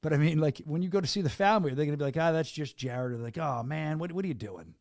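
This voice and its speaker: A middle-aged man hosting a podcast, joking and animated in casual chat. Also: fairly high pitch, no room sound, clean studio sound. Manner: animated, joking, fast-talking. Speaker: podcast host.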